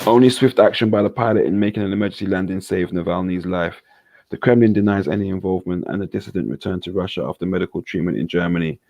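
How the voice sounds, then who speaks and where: A man's voice: low voice, creaky, dark tone, no echo. A man reading a news article aloud on a panel chat, stumbling over names and making jokey asides. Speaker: panel host.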